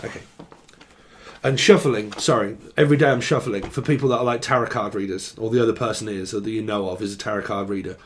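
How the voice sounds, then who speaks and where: A man's voice: fairly low pitch, steady tone, quick pace, a little hiss or hum. Rambling man reading tarot. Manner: loose and jokey, swears casually, free-associates on words. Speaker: tarot reader.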